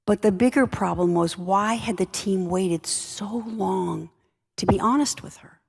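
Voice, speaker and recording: A husky woman's voice of medium pitch, a little slow and full of vocal fry, tells a wry workplace story. She's a leadership speaker with a conversational delivery, and a large hall's long reverb surrounds her.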